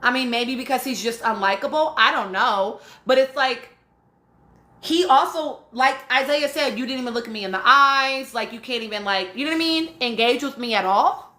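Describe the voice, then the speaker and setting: A woman's voice: on the high side, moderate pace, bright, forceful tone, reverberant. A woman hosting a live stream, talking casually and emphatically and often checking in with "right?" as she reads and answers chat comments. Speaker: podcast host reading live chat.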